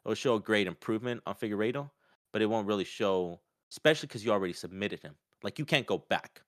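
A man talking casually about a fight, often acting out what others said in a raised, lively voice. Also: on the low side, fast talker, dry recording, studio quality. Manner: animated, acts out quotes in raised voice. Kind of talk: casual sports chat.

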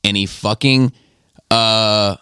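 A podcast host with a very low voice tells a long, rambling story, swearing freely as he goes. The recording is dry and close. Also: steady tone, takes it slowly, sharp tone, clean tone, no room sound. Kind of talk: casual podcast chat.

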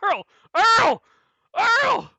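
A man's voice: high-pitched, normal speed, sharp tone, clean tone, dry recording, voice pushed up, rough recording. A man voicing a panicky, rotund male dwarf bard who stammers and yelps in a frantic rush.

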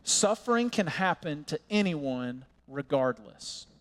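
A man preaching a sermon as pastor, earnest and impassioned, slowing down to stress his points. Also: fairly high pitch, big pitch swings. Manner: earnest, impassioned preaching with slow emphatic pauses. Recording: long hall reverb.

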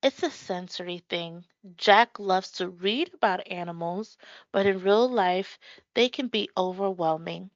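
A woman reading an audiobook, voicing a gentle mother who speaks softly and quietly. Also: medium pitch, dry recording, close to an everyday voice. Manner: soft, quiet, slower. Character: soft-spoken gentle mother of a shy boy. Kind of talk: audiobook character voice. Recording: dry, slightly muffled.

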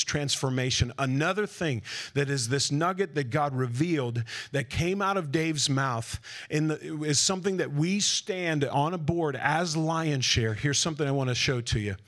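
Energetic man preaching to a conference. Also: on the high side. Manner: energetic, jokey asides, asks the crowd questions. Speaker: conference speaker. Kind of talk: preaching talk to a conference audience. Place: conference hall before a live audience.

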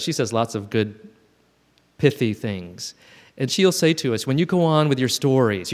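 A man in his fifties giving a thoughtful, self-reflective personal talk at a gathering, often restarting his sentences. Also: medium pitch. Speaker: speaker at a gathering. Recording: long hall reverb.

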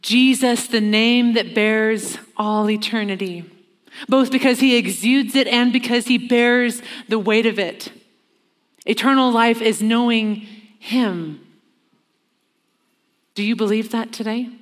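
A woman preaching a sermon in an earnest way, slowing down for emphasis and acting out the lines she quotes. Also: a little high. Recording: long reverb of a large hall.

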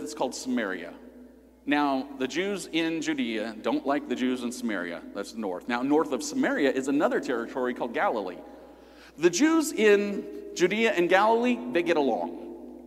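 A man preaching a sermon in a lively, conversational way, asking listeners questions as he teaches. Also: on the high side. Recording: long hall reverb.

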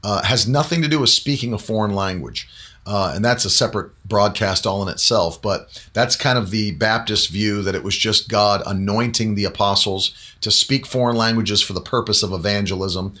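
Bright-voiced man preaching with emphasis. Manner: emphatic, slows down and rises in pitch on key points; conversational with fillers between emphatic stretches. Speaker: Pentecostal preacher. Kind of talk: broadcast Bible teaching.

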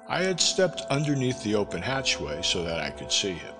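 A man narrating an audiobook in a measured, expressive reading. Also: on the low side. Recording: reverberant with background music.

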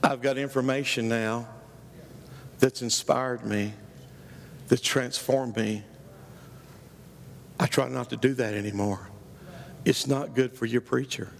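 A middle-aged male pastor preaching a sermon, emphatic and rising loud on key phrases. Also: mid-range voice, steady tone, slow, vocal fry, pauses often, slight background noise. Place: church sanctuary. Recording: church hall with long reverb.

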